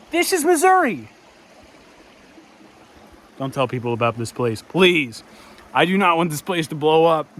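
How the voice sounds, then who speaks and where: A young man vlogging outdoors in a rocky gorge, awestruck and excitable, swearing freely as he talks. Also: a little high, a little hiss or hum. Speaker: nature vlogger. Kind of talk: casual outdoor vlog narration.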